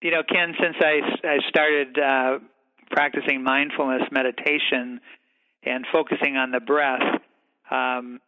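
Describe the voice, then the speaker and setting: A man's voice: mid-range voice, little pitch movement, measured pace. A man hosting a phone interview, talking in a reflective, easygoing way. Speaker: interview host. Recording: tinny phone line.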